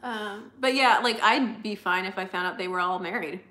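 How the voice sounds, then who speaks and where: A woman's voice: mid-range voice, moderate pace, pushed and bright. A young woman co-hosting a live stream, chatting casually with viewers in a rambling way full of fillers.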